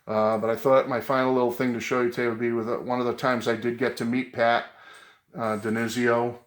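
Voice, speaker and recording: A middle-aged man talks to camera from his home music room, earnest and rambling, his words dotted with ums and uhs. His voice sits at an ordinary pitch for a man. The room around him sounds echoey. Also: level tone, a little fast. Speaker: vlogger. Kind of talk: casual tribute vlog.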